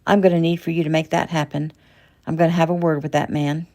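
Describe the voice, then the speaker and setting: A woman's voice: sits low, little pitch movement, quick pace, mellow. A woman voicing an indignant, protective middle-aged mother in a read-aloud novel. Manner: demanding, indignant.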